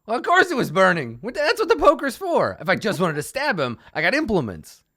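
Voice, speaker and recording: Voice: medium pitch, huge pitch swings, fairly quick, a bit bright, dry recording, studio quality, voice pushed up, heavily acted. A game master voicing a cheerful, talkative male bugbear torturer in a tabletop game. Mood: matter-of-fact. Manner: chatty, matter-of-fact about gore.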